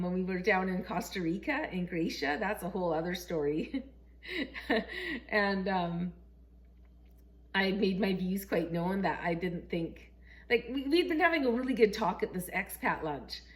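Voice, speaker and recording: Chatty laughing woman telling a story. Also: mid-range voice. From Canada. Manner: chatty, animated, laughs often, acts out quotes. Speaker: vlogger. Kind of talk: casual storytelling monologue.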